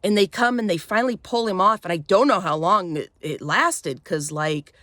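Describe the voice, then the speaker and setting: A woman vlogger telling a personal story in a halting, rambling way with many fillers, shaken as she recounts a frightening event. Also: lowish voice, a bit bright, no echo, clean studio sound. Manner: shaken, tense when recounting fear.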